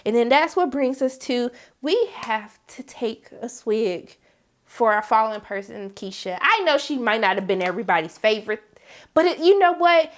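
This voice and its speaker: A woman's voice: fairly high pitch, moderate pace. A woman vlogger recapping a TV episode in casual slang, acting out the scenes as she goes. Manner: animated, slangy, acts out the scenes. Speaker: TV review vlogger.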